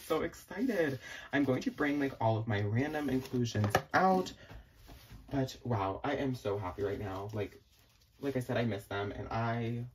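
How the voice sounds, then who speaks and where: A young man in a casual unboxing vlog, gushing and excitable, with frequent gasps and many fillers. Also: mid-range voice, slight background noise. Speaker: vlogger.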